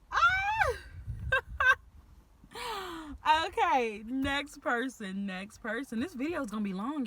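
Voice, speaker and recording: Young woman, Texan accent, casual vlog chat, animated, slangy, faint room hiss. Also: on the high side. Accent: Houston Texas. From Texas. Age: young adult. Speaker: vlogger.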